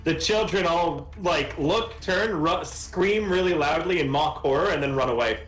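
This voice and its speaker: A man's voice: on the high side, moderate pace, fairly bright tone, echoey room, soft background music, rough recording. A man running a tabletop game as game master, narrating in a casual, rambling way.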